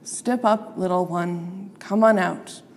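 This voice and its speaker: A tender, coaxing old man who cares for animals, voiced by a woman storyteller. He talks slowly and softly in a storybook reading, and his words carry a long reverb. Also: fairly low pitch, a little hiss or hum. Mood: gentle coaxing. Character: gentle kindly old man caring for animals.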